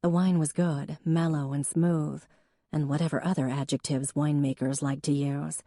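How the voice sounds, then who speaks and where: A woman narrating a romance novel in an even, intimate storytelling manner. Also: low voice, normal speed, no room sound, studio quality. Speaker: audiobook narrator. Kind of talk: scripted narration.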